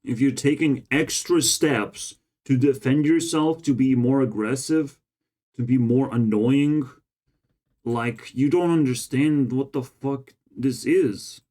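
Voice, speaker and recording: A man's voice: mid-range voice, slow pace, mellow. Brief: man, run down, rambling vlog monologue, exasperated and profane, mid-range voice. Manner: frustrated, profane ranting. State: tired and run down. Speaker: vlogger. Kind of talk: casual rambling monologue to camera.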